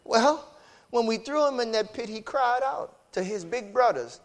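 A male preacher giving a sermon in a colloquial, repetitive style that builds from quiet explanation to shouted exclamations. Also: extremely high pitch, expressive, unhurried. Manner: colloquial, uses y'all.

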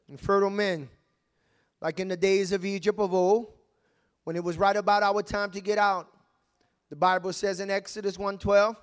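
A man preaching as pastor, swinging between hushed lines and shouting, and leading the congregation in call-and-response. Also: sits high. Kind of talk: sermon.

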